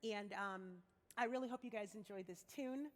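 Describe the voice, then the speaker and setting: A woman's voice: medium pitch, normal speed, in a large hall. A woman singer-songwriter talking between songs on stage, frank, joking and emphatic, with a preaching edge. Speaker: singer-songwriter performing a set. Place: large indoor concert stage.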